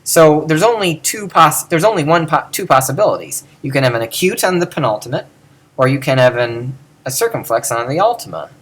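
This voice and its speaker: A man's voice: fairly high pitch, big pitch swings, a little fast, fairly bright tone, slightly rough. A man giving a casual lecture, musing aloud and often correcting himself with many ums. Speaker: teacher.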